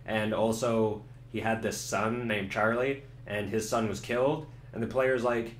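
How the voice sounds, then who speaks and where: A young man giving a sarcastic, swearing comedic review of a video game and acting out the characters in quick voices. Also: fairly low pitch, fairly even intonation. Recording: echoey room.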